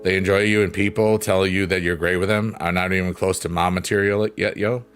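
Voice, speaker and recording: With piano in the background, a man hosting a livestream rambles and cracks jokes while reading the chat out loud. His voice is deep and a bit bright, with a flat delivery and a slightly fast pace.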